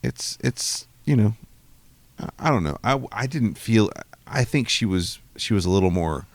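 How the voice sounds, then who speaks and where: A man's voice: on the low side, animated, moderate pace, no echo. A man co-hosting a podcast from a bedroom at home, explaining things patiently and thinking aloud in casual chat. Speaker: podcast co-host.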